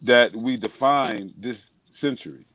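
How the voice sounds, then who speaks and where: A man's voice: medium pitch, unhurried, fairly bright tone, dry recording, poor audio. A man in a political discussion telling a personal story, casual and emphatic.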